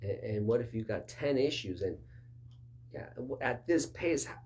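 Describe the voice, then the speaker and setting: This man delivers a chatty sermon, playing out short exchanges between two sides by lifting his pitch. His voice is animated and darkish at a moderate pace, with a little hiss or hum on the recording.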